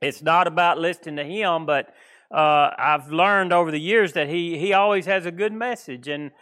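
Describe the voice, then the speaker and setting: A male pastor with a country East Texas accent, his voice pitched high and ringing with a bright, forceful edge. He preaches loosely and conversationally, wandering through homespun stories and country phrasing. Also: normal speed. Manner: folksy, rambling, plainspoken with country phrasing. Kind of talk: informal sermon.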